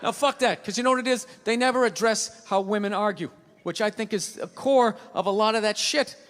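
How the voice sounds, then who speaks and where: A man with a Boston accent doing a profane stand-up rant, bursting into shouts, on a stage mic. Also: sits high, fairly quick. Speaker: stand-up comedian. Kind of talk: stand-up routine. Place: large theater stage with audience. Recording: live hall with crowd laughter.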